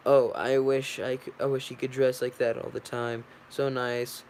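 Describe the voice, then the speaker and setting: A man's voice: medium pitch, level tone, moderate pace, darkish tone, a little hiss or hum, lightly acted, low-quality recording. A man reading a fond mother. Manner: stumbling reading.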